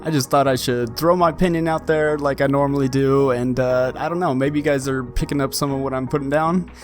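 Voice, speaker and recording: A man's voice: mid-range voice, fairly even intonation, a little fast, faint music behind. A man hosting his channel, giving emphatic, repetitive opinion commentary to camera with frequent restarts. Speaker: fitness channel host.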